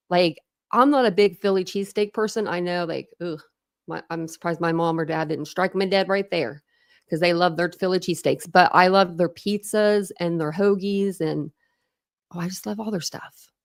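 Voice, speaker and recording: A woman's voice: fairly low pitch, no room sound, studio quality. A young woman hosting a true crime livestream, chatting casually in an Ohio accent with a Philadelphia tinge, laughing often and correcting herself. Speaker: true crime channel host.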